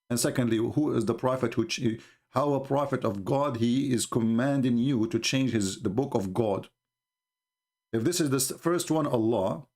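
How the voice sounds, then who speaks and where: This is a man with a voice of ordinary middle pitch, giving a live-streamed commentary. He talks in an emphatic, mocking and scornful way. His delivery halts often, with fillers and false starts. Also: gravelly, darkish tone. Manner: halting, with frequent fillers and restarts.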